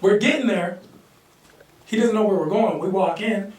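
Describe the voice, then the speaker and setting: Male stand-up, high voice, animated storyteller, echoey hall, distant mic. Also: moderate pace. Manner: loose, animated storytelling, acts out quotes. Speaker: stand-up comedian. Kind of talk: stand-up comedy set. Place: live comedy venue.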